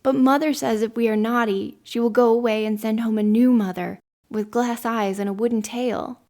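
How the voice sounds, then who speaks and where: Woman doing two eager storybook children, high and pleading, a bit louder than the narration. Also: steady tone, normal speed, natural voice.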